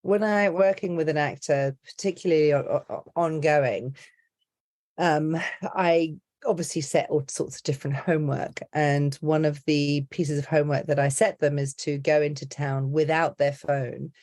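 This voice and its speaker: A woman who coaches accents, chatting as a podcast guest in a lively, laughing way that often breaks off mid-sentence. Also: low-pitched, normal speed, no echo, studio quality. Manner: animated, laughing, self-interrupting storyteller. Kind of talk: casual interview chat.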